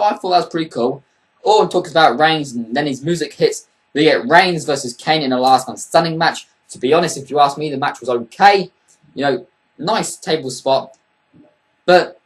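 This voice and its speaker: Blunt, foul-mouthed male show reviewer. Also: on the high side. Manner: blunt, profane, opinionated. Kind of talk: casual opinionated review.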